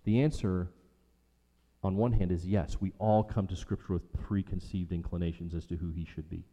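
Man, pastor, sermon, emphatic repetition, dark mellow tone, long hall echo. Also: low-pitched, fairly even intonation, moderate pace. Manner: emphatic, rhetorical, repeats key lines.

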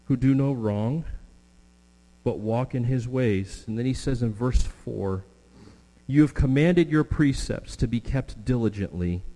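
Middle-aged guy preaching in a big echoey hall, mellow voice, low mains hum. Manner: earnest, drawn-out emphasis with fillers. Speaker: pastor. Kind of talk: sermon.

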